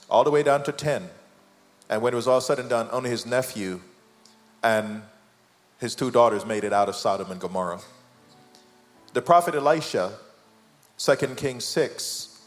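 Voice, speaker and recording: A man with a Jamaican accent, a guest pastor preaching with fervor that climbs from low and measured to loud and soaring. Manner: fervent, builds from low and slow to loud and high.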